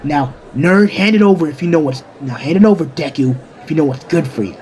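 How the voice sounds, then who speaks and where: A man voicing a brash, angry teenage boy who snarls insults and yells. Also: fairly high pitch, lively intonation, fairly quick, slight background noise, pitched above the performer's own voice, lightly acted. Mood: taunting.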